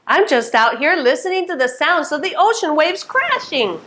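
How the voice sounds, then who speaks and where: A woman teaching songs to young children, playful and exaggerated, with a slow sing-song delivery. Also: high voice, very animated, a bit bright. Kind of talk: singsong preschool lesson.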